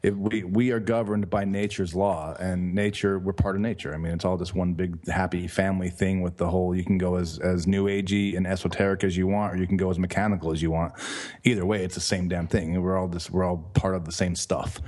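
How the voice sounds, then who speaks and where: Male podcast guest, lowish voice, loose and rambling, casual cursing, restarts his sentences. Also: flat delivery, fairly quick, a little mellow. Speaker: guest, author.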